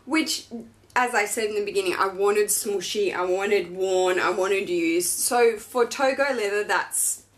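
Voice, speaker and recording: A woman's voice: mid-range voice, measured pace. A woman in her thirties, a fashion vlogger, talking in a gushing, chatty and emotional way as she unboxes and shares personal news. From Australia. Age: 30s.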